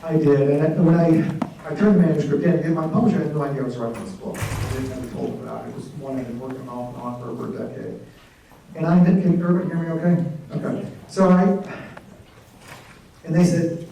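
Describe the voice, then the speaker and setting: A man in his sixties with a fairly high voice tells a comic story on stage, slipping into other people's voices as he goes. He sounds a little distant from the microphone in a big, echoing hall. A faint hum of the room sits underneath. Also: quick pace, warm tone. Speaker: author at a library event. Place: large hall, live audience. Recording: echoey hall, mic from a distance.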